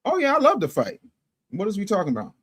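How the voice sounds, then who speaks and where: Animated male livestream host. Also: fast talker, slightly rough. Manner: animated, swings from loud to low and muttered; emphatic, repeats phrases for effect. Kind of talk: casual livestream commentary, reading chat.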